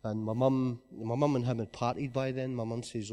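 A man with a Scottish accent giving an earnest personal testimony, often dropping to a quiet voice. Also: mid-range voice, flat delivery, normal speed.

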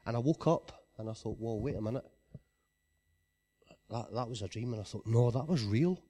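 A man with a Scottish accent giving an earnest personal testimony, often dropping to a quiet voice. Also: medium pitch, moderate pace.

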